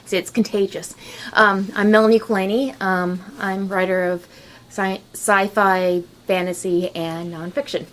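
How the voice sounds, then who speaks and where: A woman's voice: medium pitch, level tone, unhurried. A woman writer on a podcast panel, speaking in a light, joking way. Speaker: writer guest. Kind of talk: casual panel chat.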